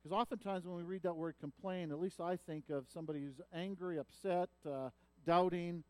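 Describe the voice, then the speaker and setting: High-voiced guy preaching, earnest, gets loud and pleading on the quotes, dry sound. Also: fairly even intonation, fairly quick, no room sound. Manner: earnest preaching that swells when voicing a prophet's cries. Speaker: pastor. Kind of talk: sermon.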